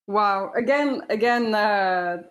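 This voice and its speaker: Woman interviewer, halting and admiring. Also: medium pitch, smooth. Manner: brief, admiring responses with hesitant fillers. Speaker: interviewer, host.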